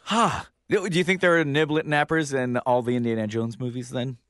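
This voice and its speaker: A man's voice: mid-range voice, steady tone, normal speed, a bit bright, no echo, clean studio sound. A man co-hosting a comedy podcast, playfully riffing. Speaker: podcast co-host.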